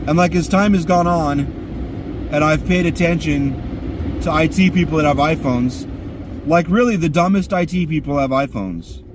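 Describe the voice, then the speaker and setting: A man's voice: fairly high pitch, moderate pace, noisy background. A man ranting crudely and profanely while sitting in his car. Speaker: vlogger.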